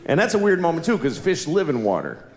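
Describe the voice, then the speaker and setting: A man's voice: on the high side, wildly swooping pitch, fast talker. A man doing a sardonic stand-up comedy routine on stage, acting out little voices. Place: comedy stage before live audience. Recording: echoey venue with audience noise.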